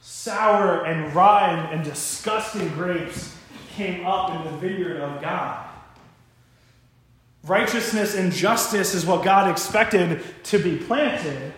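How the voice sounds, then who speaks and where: Young male pastor, high voice, big echoey sanctuary, animated storytelling sermon. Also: slow pace. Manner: animated storytelling, voices God and a parent with raised pitch. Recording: very echoey church room.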